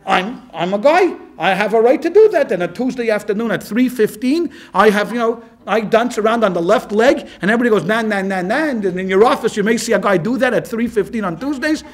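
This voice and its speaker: A male rabbi giving a lecture to a class in a lively, conversational way, with frequent restarts. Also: high voice, fast, hardly any pauses. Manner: animated and conversational, with many restarts. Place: class with a live audience.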